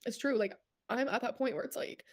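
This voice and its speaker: A woman's voice: on the high side, a little fast. A woman livestreamer with a stuffy nose, rambling casually and packing her talk with "like.". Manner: rambling, full of "like" fillers.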